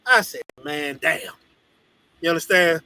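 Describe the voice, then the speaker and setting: A man teaching a congregation in an animated, profane, storytelling preaching style. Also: a little high, a little slow, smooth, dry recording, low-quality recording. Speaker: religious teacher.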